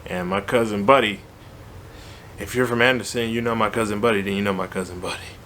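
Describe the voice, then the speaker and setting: A man's voice: fairly low pitch, fairly quick, slight background noise. Slangy man telling a story. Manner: animated, slangy, conversational. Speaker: vlogger. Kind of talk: casual storytelling.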